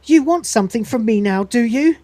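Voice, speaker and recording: A man's voice: expressive, brisk, mellow. A man voicing a jealous, needy female vending machine while retelling a sitcom scene. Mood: accusing. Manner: shrill, accusing, melodramatic.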